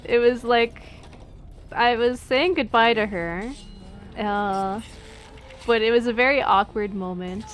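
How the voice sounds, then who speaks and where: A woman's voice: fairly high pitch, takes it slowly, long pauses. A young woman streamer chatting casually over gameplay, giggly and self-deprecating.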